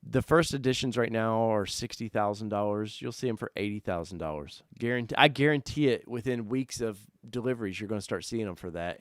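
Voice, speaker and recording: A man hosting a casual live-stream car chat, talking loosely and excitably, jumping from loud bursts to mutters. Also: fairly low pitch, clean tone, no room sound, clean studio sound. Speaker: host.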